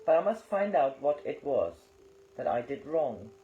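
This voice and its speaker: A man's voice: mid-range voice, big pitch swings, a little slow, a little hiss or hum. A man reading as a bewildered woman patient. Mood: earnest. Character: bewildered adult woman patient under hypnosis. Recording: roomy, slightly dull recording.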